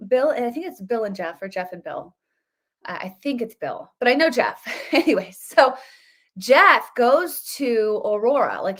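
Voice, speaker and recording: A woman hosting a casual live stream, chatty and rambling, greeting viewers by name between topics. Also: on the high side. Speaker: livestream show host.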